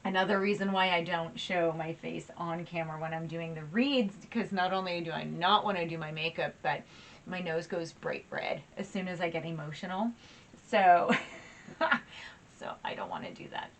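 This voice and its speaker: A woman's voice: fairly low pitch, fairly even intonation, normal speed, a little hiss or hum, low-quality recording. A woman giving a casual, chatty tarot reading, emotional and a little teary, with lots of fillers and restarts. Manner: chatty and warm-hearted, many fillers and restarts. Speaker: tarot reader.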